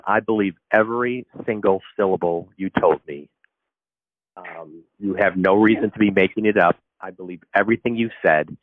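A man's voice: low-pitched, no echo. A man hosting a podcast, talking emotionally and effusively with a woman about an investigation. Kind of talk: emotional phone interview. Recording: dry phone-line sound.

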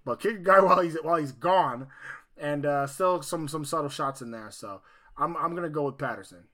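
A man hosting a casual sports chat, quizzing his co-hosts in an animated, joking way. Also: a little high, fairly quick. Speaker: podcast host.

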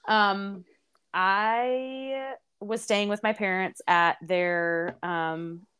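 A woman's voice: medium pitch, steady tone, drawn-out words, a bit bright, clear, resonant tone. A young woman hosting a casual podcast interview, chatty and bubbly, laughing easily as she tells a story. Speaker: podcast host.

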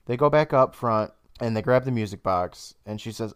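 A young man co-hosting a podcast, casually retelling an episode's plot with laughs and quick bursts of high mock voices. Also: clean tone, dry recording, studio quality. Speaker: podcast co-host. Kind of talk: casual recap chat.

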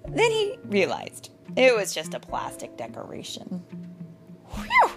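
A woman reads a children's storybook aloud, slow and unhurried, with dramatic pauses. Her voice rises and falls in a very animated way. Music plays under her reading. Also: medium pitch.

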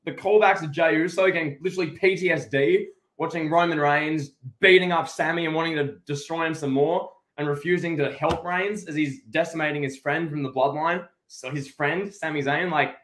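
A man's voice: on the high side, moderate pace, a bit bright, roomy sound. A man co-hosting a podcast, giving opinionated, emphatic takes in casual chat about a wrestling show. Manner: opinionated, emphatic, many restarts. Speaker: podcast co-host.

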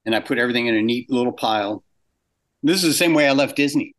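Talking fast, the older guest animator spins anecdotes in a relaxed interview, performing the quoted back-and-forth with lively jumps in pitch.

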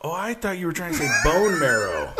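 A man's voice: a little high, huge pitch swings, a little fast, very noisy. A man co-hosting a podcast in casual chat, explaining drinks at length and laughing often. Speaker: podcast co-host mixing cocktails.

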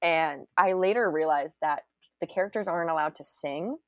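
A woman's voice: low voice, normal speed, no room sound. A young woman telling a story in casual chat, bubbly and full of "like"s. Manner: chatty, bubbly storyteller, many "like"s.

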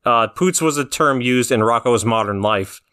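A man's voice: mid-range voice, normal speed, bright, forceful tone. A young man co-hosts a casual podcast. He jokes around and drops bits of trivia. His voice sits in an ordinary middle range. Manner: joking, shares trivia. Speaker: podcast co-host. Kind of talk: casual chat.

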